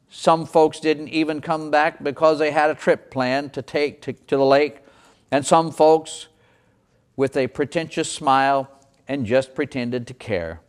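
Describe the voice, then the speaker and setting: Man telling a dramatic sermon story. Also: on the high side. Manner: dramatic storytelling, voicing the characters. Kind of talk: sermon illustration told as a first-person story.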